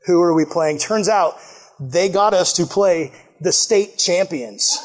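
High-voiced animated young male preacher. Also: takes it slowly. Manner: animated, jokey, self-deprecating with frequent laughs. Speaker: youth pastor. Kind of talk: casual storytelling sermon. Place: church youth service.

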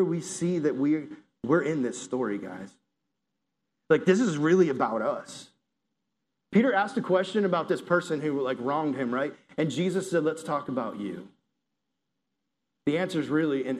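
A man's voice: a little high, expressive, moderate pace, a little mellow. A man preaching a sermon to a congregation, earnest and building to intense emphasis.

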